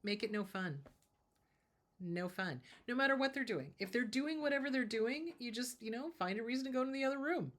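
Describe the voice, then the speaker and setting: A woman's voice: a little high, animated, brisk, fairly bright tone. Emphatic woman therapist giving advice. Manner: emphatic and repetitive, drives points home. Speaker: therapist and show host. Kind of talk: casual advice talk.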